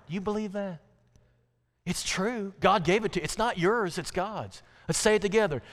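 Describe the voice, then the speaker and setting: A male pastor preaching a sermon, using call-and-response and repetition that builds to loud emphasis. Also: a little high, expressive, a little fast. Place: church sanctuary. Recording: long church reverb.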